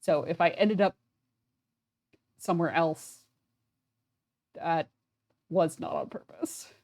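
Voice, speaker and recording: A woman's voice: on the low side, slow pace, darkish tone. A woman playing a story game aloud and chatting about it in a casual, self-deprecating way. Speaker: game player voicing characters. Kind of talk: casual commentary.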